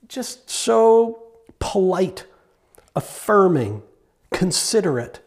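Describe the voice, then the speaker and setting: A pastor delivers a storytelling sermon in a loose, conversational way, full of fillers and restarts. The voice sits at an ordinary pitch with a noticeable gravelly fry. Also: slow. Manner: conversational, animated retelling with many fillers.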